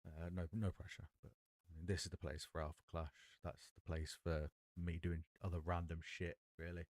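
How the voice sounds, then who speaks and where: A man streams from home, musing out loud in an easy, rambling way as he reads card text and works through what it means. His voice sits low and sounds dry and close on the XLR mic. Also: little pitch movement, normal speed, no echo. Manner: thinking aloud while reading card text. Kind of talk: casual live-stream chat.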